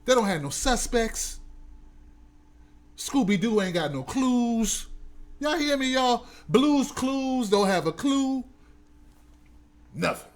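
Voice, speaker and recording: A man's voice: extremely high pitch, lively intonation, slow, long pauses. A male talk show host giving emphatic, preachy commentary and speaking straight to his audience. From United States. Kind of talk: opinionated commentary.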